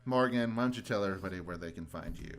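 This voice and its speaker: A man's voice: low voice, very fast. A man co-hosting a podcast in casual chat, rambling along with lots of restarts and fillers. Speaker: podcast co-host.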